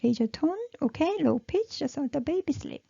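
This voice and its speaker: A woman's voice: sits high, animated, moderate pace, vocal fry, warm tone. A woman with a Korean accent teaching Korean pronunciation, modelling syllables and praising the learner. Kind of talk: pronunciation lesson. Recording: dull lo-fi sound.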